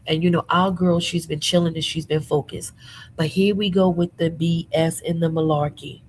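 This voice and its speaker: A woman hosting a casual commentary show from her room at home, sassy and animated with lots of slang, a little under the weather. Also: fairly low pitch, a little hiss or hum, low-quality recording. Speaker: commentary channel host.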